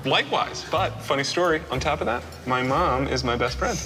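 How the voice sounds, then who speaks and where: A man acting in a comedy skit, speaking in a deadpan, matter-of-fact way. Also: mid-range voice, fairly quick, lightly acted. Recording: music bed behind.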